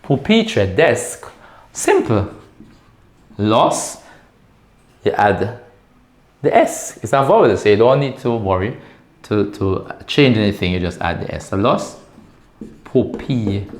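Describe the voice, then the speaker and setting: Male teacher, slow patient delivery, lively rising and falling pitch, echoey classroom. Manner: patient, repeats words slowly and often checks with "right?". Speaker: Spanish teacher. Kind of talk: classroom lesson at a whiteboard.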